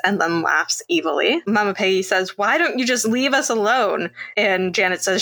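A woman's voice: lowish voice, moderate pace, few pauses, pushed and bright. A woman from Canada co-hosting a casual movie podcast, recapping the plot and laughing often. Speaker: podcast co-host.

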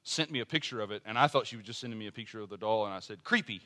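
Racing along in a lowish voice, a middle-aged man preaches as pastor with earnest conviction. His sermon shifts between quiet personal asides and moments of strong emphasis.

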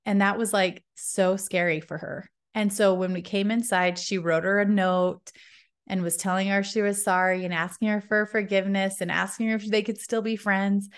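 A woman in her thirties hosting a podcast, telling a personal story in a chatty, expressive way with many likes. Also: medium pitch, normal speed, clean tone. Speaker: podcast host.

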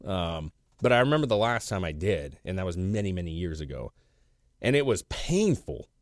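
Middle-aged man, low voice with big swings, crude casual podcast co-host, lots of "bro.". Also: very animated, moderate pace, dry recording, clean studio sound. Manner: crude, chatty, says "bro" and "you know what I'm saying". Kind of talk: casual chat.

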